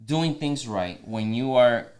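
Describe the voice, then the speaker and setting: A man's voice: medium pitch, animated, slow pace, darkish tone. A man co-hosting a faith-based marriage podcast, talking earnestly in a casual way with frequent restarts. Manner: earnest, many restarts, teasing asides. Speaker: podcast co-host.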